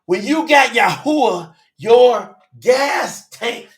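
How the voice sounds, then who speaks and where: A man preaching a fiery revival sermon, shouting and exclaiming, from Florida, emotional with his nose running. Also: extremely high pitch, expressive, takes it slowly. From Florida, United States. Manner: shouting, preaching, Southern US vernacular speech.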